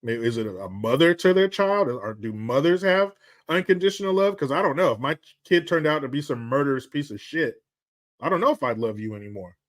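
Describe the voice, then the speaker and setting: A man's voice: medium pitch, lively intonation, brisk. A man giving a profane, rambling commentary rant on his vlog, blunt and sarcastic, with frequent restarts. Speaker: vlogger.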